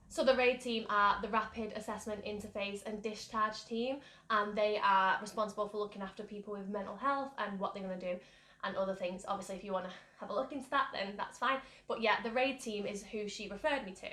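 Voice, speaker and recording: A woman's voice: mid-range voice, fairly even intonation, a little fast, sharp tone. A young woman from the UK candidly recounting a personal story, rambling with many fillers. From United Kingdom. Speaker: mental health vlogger. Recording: roomy echo.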